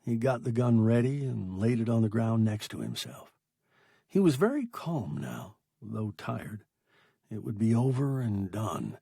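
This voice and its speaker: A male narrator reading a science fiction story with dramatic flair. His pitch swings widely, while his slow voice carries a husky, gravelly texture in a dry, close sound. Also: sing-song, mellow, no room sound. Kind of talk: audiobook narration.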